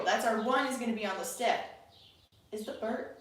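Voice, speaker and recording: Teaching tap online from home, a woman with a slightly high voice at a moderate pace chats, counts out beats and frequently checks on her students. She's in a room by a window with birds outside; the distant mic picks up echo, loud tapping and birdsong, so the background is noisy.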